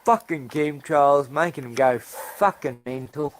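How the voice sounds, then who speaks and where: A man's voice: fairly high pitch, measured pace, slight background noise. A man ranting in a casual outdoor vlog, swearing at crowing roosters and cooing to his dogs. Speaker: vlogger. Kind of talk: casual outdoor rant to camera. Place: outdoors in a rural yard.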